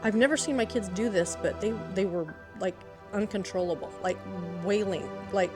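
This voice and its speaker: Woman recalling events, shaken and halting. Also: mid-range voice, over music. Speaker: interviewee, mother. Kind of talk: emotional interview recollection.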